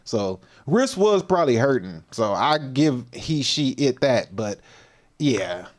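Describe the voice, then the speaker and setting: Male livestream host, relaxed and slangy, lively pitch, commenting off the cuff. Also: takes it slowly. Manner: loose, slangy, talks to the viewers and reacts as he goes.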